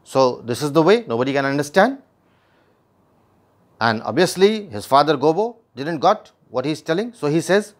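A man's voice: fairly high pitch, animated, moderate pace. A man teaching a literature lesson, explaining a play line by line and paraphrasing each quoted line in simpler words, with restarts.

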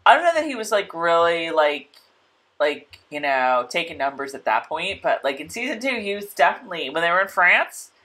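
A woman's voice: lowish voice, very animated, brisk, a bit bright. A woman co-hosting a casual show recap, chatty and full of "like" and laughter. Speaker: podcast co-host.

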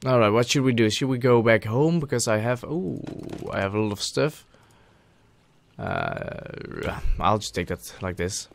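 A man hosting a gaming channel, giving let's play commentary as he talks to himself and bursts into loud, excited shouts. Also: fairly low pitch, unhurried, vocal fry, slight background noise.

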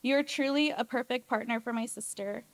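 A woman's voice: on the high side, normal speed. A young adult woman giving a maid of honor toast at a wedding reception, chatty and emotional, often laughing.

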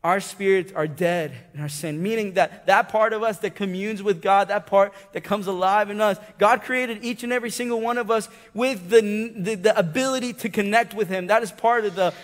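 A man with a high voice preaching a sermon, his words ringing out with a long church-hall echo. He tells a story with swings from loud, excited passages down to hushed, tender asides. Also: moderate pace, hardly any pauses. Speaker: pastor. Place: church sanctuary.

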